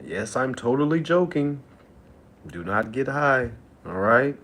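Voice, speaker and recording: A man hosting a casual livestream monologue who talks in an animated way, laughs often and repeats himself. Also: medium pitch, a little slow. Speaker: livestream host.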